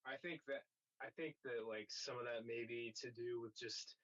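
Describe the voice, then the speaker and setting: Male podcast guest, mid-pitched, hesitant, lots of fillers, dull lo-fi audio. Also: fairly even intonation, moderate pace, a bit bright. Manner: hesitant, filler-heavy talk. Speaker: podcast guest, band member. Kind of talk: casual chat. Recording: dull lo-fi recording.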